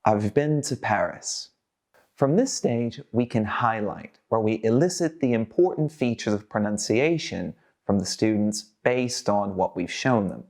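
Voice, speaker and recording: A man presenting as a teacher trainer in a scripted teaching video, energetic and modelling sentences for learners to repeat. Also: lowish voice, normal speed, few pauses.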